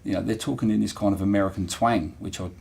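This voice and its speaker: A man's voice: lowish voice, steady tone, fast, creaky, darkish tone, husky. A middle-aged man with a Portsmouth accent, talking earnestly and reflectively in an interview, with frequent fillers and restarts. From Portsmouth, England. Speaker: interviewee, former dockyard worker. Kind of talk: casual interview talk.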